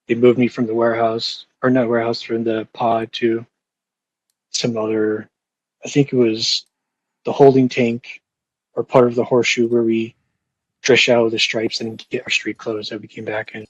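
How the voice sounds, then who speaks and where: A man's voice: medium pitch, little pitch movement, moderate pace, breathy edge, dry recording, highs cut off. A young man telling a rambling, profane story with lots of fillers and restarts in casual podcast talk. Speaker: podcast host.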